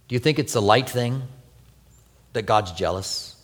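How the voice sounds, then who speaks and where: A man preaching a sermon as pastor, telling personal stories with lively, animated delivery and acting out quoted prayers in a soft voice. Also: medium pitch, measured pace, in a large hall. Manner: animated storytelling, acts out quoted prayers softly.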